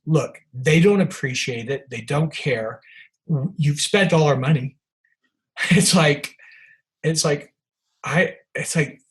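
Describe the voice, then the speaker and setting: A man's voice: medium pitch, breathy edge, low-quality recording. An older man, an author, telling rambling anecdotes as a podcast guest, with many restarts and fillers. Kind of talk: storytelling in a podcast interview.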